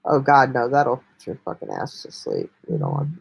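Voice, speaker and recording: A woman's voice: a bass voice, wildly swooping pitch, moderate pace, creaky, slightly rough. A woman hosting a casual live stream, talking bluntly and chattily with lots of swearing. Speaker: livestream host.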